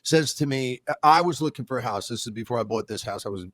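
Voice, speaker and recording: A man co-hosting a podcast in casual chat, telling personal stories with lively acted-out dialogue and frequent stammered restarts. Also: mid-range voice, fast, no room sound. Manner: animated storyteller who acts out both sides of dialogues. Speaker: podcast co-host.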